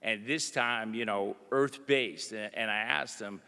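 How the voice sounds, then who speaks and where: Middle-aged male official, gravelly, folksy anecdotal speaker, long hall reverb. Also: on the low side, unhurried, sharp tone. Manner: folksy, chatty storytelling with frequent "you know" and "uh". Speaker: government undersecretary giving remarks. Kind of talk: public speech with anecdotes. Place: university event hall.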